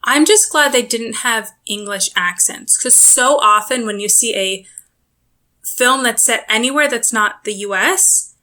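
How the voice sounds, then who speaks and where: Woman, podcast co-host, bright tense voice, brisk casual chat. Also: on the high side. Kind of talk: casual book review chat.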